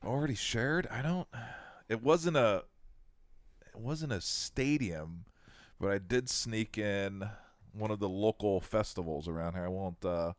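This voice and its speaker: Deep-voiced man telling a story. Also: unhurried, dry recording, clean studio sound. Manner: animated, quotes people in put-on voices. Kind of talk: casual storytelling.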